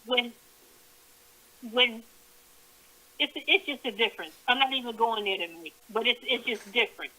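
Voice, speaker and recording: A woman calling in to a talk show, speaking earnestly and haltingly, repeating her points as she goes. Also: a little high, pushed and bright. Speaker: caller. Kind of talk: casual phone-in conversation. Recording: tinny phone line.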